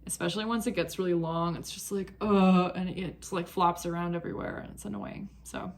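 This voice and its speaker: A young woman with a lowish voice talks fairly quickly and with fairly even intonation. In her home knitting vlog she chats casually, rambles, and wanders off topic.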